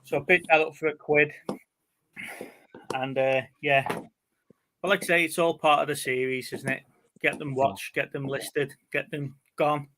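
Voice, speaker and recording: A man with a bright, forward voice hosts a casual chat, rambling along and laughing easily. His voice sits a little high for a man, and a faint hiss runs under the recording. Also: steady tone, unhurried, long pauses. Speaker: host.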